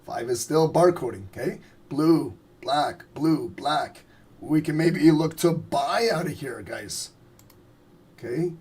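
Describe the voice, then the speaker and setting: A man with a raspy voice hosting a live trading stream, casually joking and thinking aloud as he calls the charts. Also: on the high side, slow pace, darkish tone.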